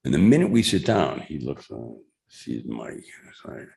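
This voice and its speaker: Older chicago guy spinning a bar story, deep and gravelly. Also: very animated, moderate pace, a little hiss or hum. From Chicago, USA. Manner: anecdotal, acts out quoted voices. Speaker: guest speaker. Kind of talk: storytelling talk. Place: club meeting room.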